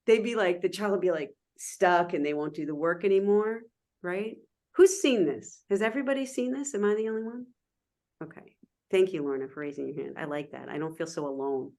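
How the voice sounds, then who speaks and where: A middle-aged woman giving a lively, interactive online lecture over a video call, often checking in with her listeners. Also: fairly low pitch, a little fast. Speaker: guest presenter.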